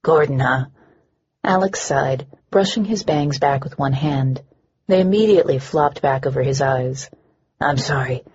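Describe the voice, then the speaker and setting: A woman's voice: a bass voice, normal speed, mellow, slightly rough, dull audio. A woman narrating a first-person audiobook in a dry, wry manner.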